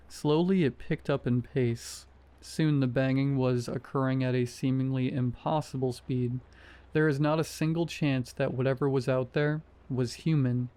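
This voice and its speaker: A man reading a scary story aloud in a calm, measured narration style. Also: medium pitch. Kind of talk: scripted narration.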